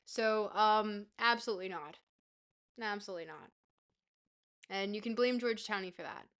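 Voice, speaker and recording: A young woman streaming a book reading, putting on a playful mock-British accent as she reads. Between passages she chats casually with viewers and teases herself about her slips. Her voice sits at a middle pitch. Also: normal speed, a bit bright. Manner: casual, chatty and self-teasing between passages. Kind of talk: livestream reading aloud and chatting with viewers.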